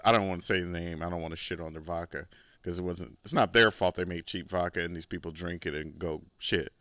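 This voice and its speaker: Laid-back podcast dude rambling through a sweary story, low voice, dry close mic. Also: male voice, a bit bright, smooth, no room sound. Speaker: podcast host. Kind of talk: casual storytelling.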